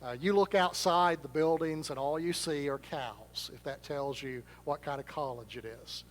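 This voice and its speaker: A pastor from Arkansas, preaching a sermon in a conversational, self-deprecating storytelling way. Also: male voice, a little high, moderate pace. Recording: long reverb of a large hall.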